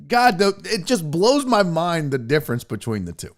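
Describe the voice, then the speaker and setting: Guy hosting a podcast from home, swears a lot, rambles, kinda high voice that bounces all over. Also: normal speed, hardly any pauses. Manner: rambling, profane, animated, acts out silly voices. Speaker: sports podcast host. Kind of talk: casual live-stream chat. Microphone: podcast mixer setup.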